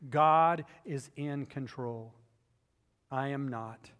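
A man's voice: sits high, pushed and bright, long reverb tail. A man preaching a sermon as pastor, emphatic and repetitive, telling personal stories to make his points.

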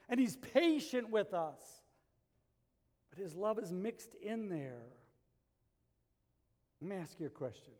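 A middle-aged male pastor preaching a sermon and telling stories, dropping to a hush and then rising loud. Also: high-pitched, expressive, normal speed. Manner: storytelling preacher, swings from hushed to loud. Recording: long hall reverb.

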